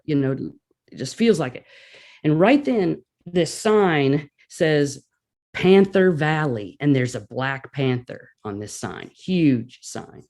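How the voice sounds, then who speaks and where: Woman guest, casual storyteller, animated, plays out her reactions. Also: low-pitched, takes it slowly.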